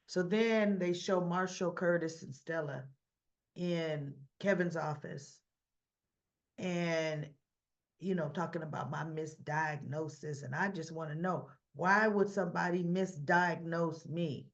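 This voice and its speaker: A woman's voice: lowish voice, slow pace, dull audio. A woman hosting a casual, opinionated recap of a soap opera, talking straight to her viewers and acting out the characters' lines.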